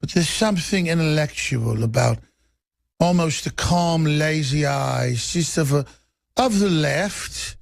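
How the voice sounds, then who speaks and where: A man mocking a smug establishment liberal with a slow, languid, condescending drawl. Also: on the high side, animated, creaky, dry recording, exaggerated voice.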